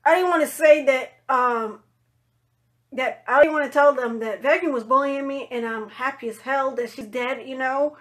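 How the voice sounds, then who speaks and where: A woman telling a personal story in a casual vlog, animated, swearing freely and acting out what other people said. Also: moderate pace. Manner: animated, swearing, acts out quoted voices in higher pitch.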